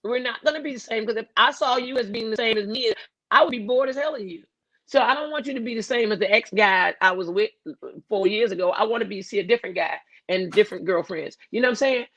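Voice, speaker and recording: Animated woman hosting a livestream. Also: a little high, quick pace, dry recording, muffled recording. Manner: animated, playful, preachy. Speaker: livestream host. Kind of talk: casual livestream chat.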